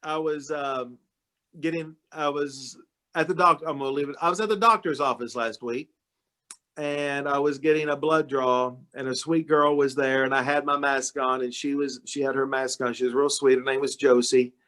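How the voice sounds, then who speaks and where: A man's voice: mid-range voice, steady tone, normal speed, bright, forceful tone. A man, a county judge, speaking to a club meeting over a video call in a folksy, emotional storytelling way. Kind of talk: informal talk to a club meeting.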